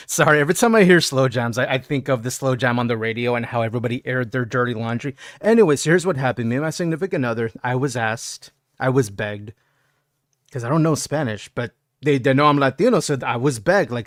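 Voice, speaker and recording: Man, game streamer, casual chat, animated storytelling, lively pitch, dry close mic. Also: fast talker, no echo. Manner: animated storytelling, laughs often. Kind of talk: casual chat while gaming.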